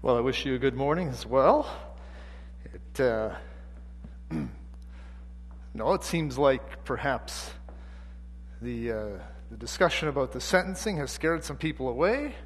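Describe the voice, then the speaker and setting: A man's voice: medium pitch, expressive, a little slow, pauses often, husky, long reverb tail. A man opening a church sermon in a casual, somewhat hesitant way. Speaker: preacher.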